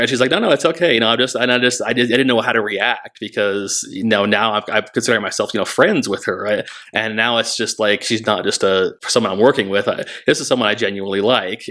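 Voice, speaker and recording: Halting, reflective man with a low voice. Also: sharp tone. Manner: halting, reflective, many restarts. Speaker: former treatment center staff member. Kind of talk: candid conversational storytelling.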